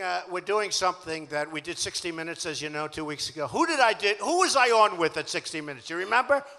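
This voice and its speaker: An older man with a New York accent delivers a rambling, boastful campaign rally speech, circling back to repeat himself in a chatty way. His voice is high-set and bright, with a sharp, forceful edge. The recording carries the long echo of a large civic hall. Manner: boastful, repetitive, conversational. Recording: echoey hall.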